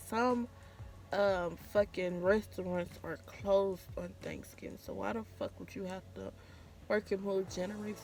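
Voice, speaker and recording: A woman vlogger, telling a candid, profane story in casual storytime style. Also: medium pitch. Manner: candid, profane, acts out quotes.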